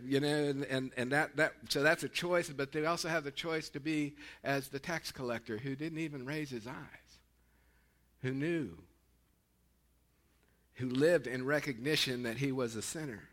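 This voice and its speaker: A man preaching a sermon as pastor in a small church, folksy and animated, with laughing asides. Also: on the high side, normal speed.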